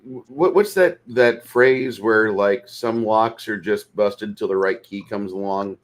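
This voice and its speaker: Male co-host for a casual podcast chat, lowish voice, joking and quick to riff. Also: poor audio.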